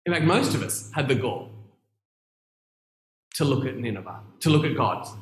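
A man preaching a sermon in a church, earnest and reflective, with long pauses and emphatic stresses. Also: medium pitch, big pitch swings. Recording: roomy echoey room.

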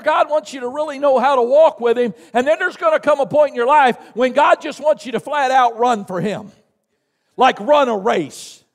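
High-voiced Southern preacher in an echoing church. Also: male voice. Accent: Southern American. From American South. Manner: emphatic, rising to near-shouts, call-and-response with the congregation. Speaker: missionary preacher. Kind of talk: sermon. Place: church sanctuary. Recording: long hall reverb in a church.

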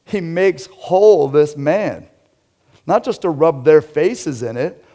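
Man, preacher, conversational sermon, loud emphatic bursts, quiet asides. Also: big pitch swings, measured pace, slightly rough. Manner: conversational, swings between loud emphatic lines and low asides. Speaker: pastor. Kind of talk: interactive sermon.

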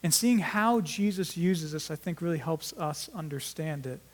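A man preaching an earnest sermon, swinging between emphatic rises and quiet drops and often restarting his words. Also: a little high, expressive, normal speed. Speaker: pastor.

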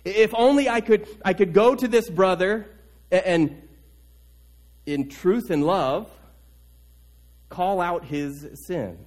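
Casting: man playing a keen, slightly anxious prophet, pitched a bit high, thinking aloud. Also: slow pace, long pauses, a little mellow. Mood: earnest. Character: earnest male prophet working up his nerve.

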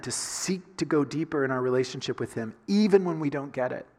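A pastor with a Southern American accent preaches in a conversational style packed with rhetorical questions. His voice sits on the high side with a fairly bright tone, and a long reverb tail trails his words.

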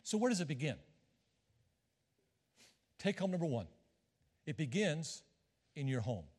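High-voiced male preacher in a church. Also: sing-song, measured pace, a little mellow. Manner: folksy, joking and conversational with the congregation. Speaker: visiting missionary preacher. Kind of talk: sermon. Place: church sanctuary. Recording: long reverb of a church hall.

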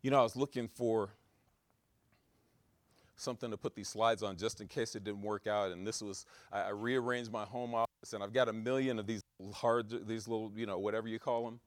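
A man preaching a sermon, swinging between loud exhortation and quiet asides, driving his points home with repeated rhetorical questions. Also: on the low side, steady tone, brisk, dry recording.

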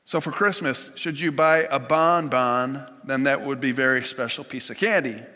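A man preaching a sermon in an earnest, measured way, quoting scripture and retelling stories. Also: medium pitch, steady tone, pushed and bright, big-room sound. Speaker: pastor.

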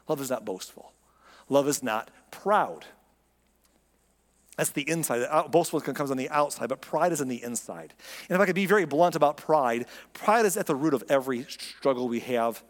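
Male pastor, sermon, casual delivery, slightly high voice, long hall reverb. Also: animated, fairly quick. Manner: conversational, acts out quoted voices.

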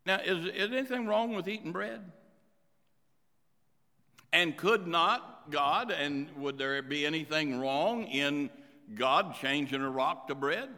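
A man preaching a sermon as pastor, swinging between loud emphasis and quiet asides. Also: fairly high pitch, slow pace. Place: church sanctuary. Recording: reverberant church hall.

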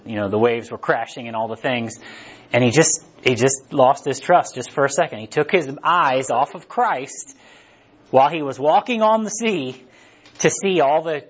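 Conversational male preacher, slightly muffled. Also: medium pitch. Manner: conversational, asks "right?" often. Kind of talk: casual sermon.

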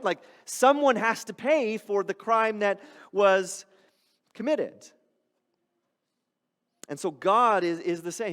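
High-voiced preacher in a reverberant hall. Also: male voice. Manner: conversational preaching with rhetorical questions, swinging between loud and hushed. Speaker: pastor. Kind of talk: sermon. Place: church hall.

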